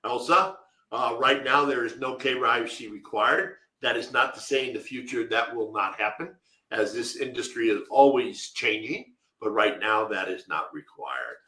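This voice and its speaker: A man's voice: medium pitch, moderate pace, bright, forceful tone, echoey room, rough recording. A man co-hosting a live webinar, answering viewer questions from the chat in an emphatic, direct way. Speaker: webinar co-host.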